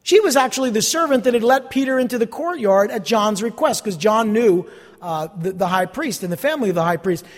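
A man with a New Jersey accent preaching a sermon, retelling a story with rhetorical questions and lively emphasis. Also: sits high, a little fast. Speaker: pastor. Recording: long hall reverb.

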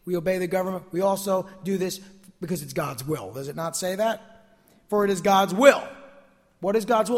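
Man, pastor, tired voice, emphatic sermon, high-pitched, echo of a large hall. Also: brisk. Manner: emphatic preaching, repeats key phrases.

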